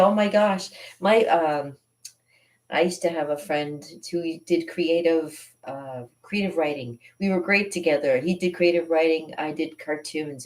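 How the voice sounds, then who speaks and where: A woman's voice: deep voice, darkish tone. A woman artist hosting a live drawing stream, chatting casually and rambling with frequent laughs as she teaches.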